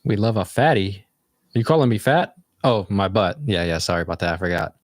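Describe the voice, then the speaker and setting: Low-voiced man musing casually. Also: fairly quick, no room sound, clean studio sound. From United States. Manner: loose, rambling, reflective. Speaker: livestream host. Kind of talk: casual livestream chat.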